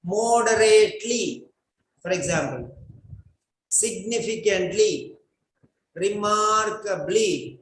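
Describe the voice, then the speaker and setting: A man's voice: high voice, expressive, slow pace, pauses often, fairly bright tone. A man teaching an English writing class, giving a lecture and drilling instructions by repeating them again and again. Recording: echoey room.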